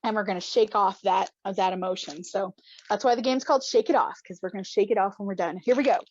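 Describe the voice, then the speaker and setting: A woman coach leading a stress-release exercise, playful and encouraging, laughing often and breaking into loud cheers. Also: medium pitch, fast, dull audio. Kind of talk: guided group exercise instruction.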